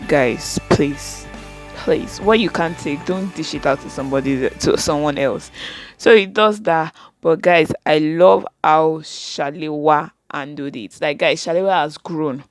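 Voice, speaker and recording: A woman's voice: deep voice, unhurried, faint music behind. Chatty woman reviewing a show. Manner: chatty, keeps addressing the viewers as guys; retells scenes with lively quoted dialogue. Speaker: video reviewer. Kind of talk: casual reaction recap.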